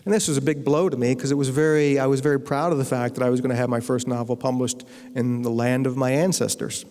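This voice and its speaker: A man's voice: mid-range voice, fairly even intonation, quick pace, darkish tone. American man telling a comic lecture story. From United States. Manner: anecdotal, with comic timing. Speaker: guest lecturer and novelist. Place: university lecture hall. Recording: long reverb of a lecture hall.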